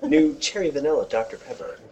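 A young man co-hosting a casual podcast, playful and quick to clown around. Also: medium pitch, lively intonation, dull audio, over a noisy crowd. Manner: playful, swings into shouted impressions. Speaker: podcast co-host. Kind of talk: casual chat. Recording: noisy with clicks.

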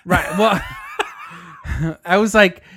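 A woman's voice: medium pitch, fairly even intonation, slow, a bit bright. A woman co-hosting a podcast in casual chat, laughing often and swearing freely. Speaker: podcast co-host.

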